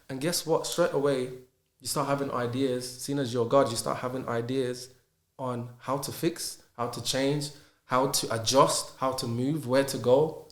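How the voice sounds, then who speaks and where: Man, earnest guest who works through ideas with rhetorical questions, mid pitch, roomy echo. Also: steady tone, a little slow. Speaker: podcast guest. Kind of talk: casual podcast chat.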